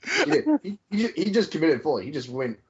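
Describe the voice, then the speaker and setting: Excitable male co-host, low but lively pitch; dull podcast recording. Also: fairly quick. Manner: repeats openers, excitable, swears. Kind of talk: casual wrestling review chat.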